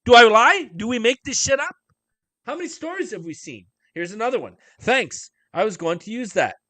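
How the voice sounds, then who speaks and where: A man's voice: very high voice, expressive, a little fast, fairly bright tone, dry recording. A man hosting a livestream, commenting on video clips in an emphatic, profane rant full of rhetorical questions. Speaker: livestream host. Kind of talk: live-stream commentary over video clips.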